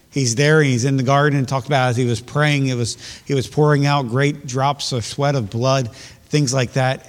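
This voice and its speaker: A man's voice: mid-range voice, in a large hall. A man preaching a sermon, talking earnestly and building to raised, emphatic peaks. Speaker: pastor.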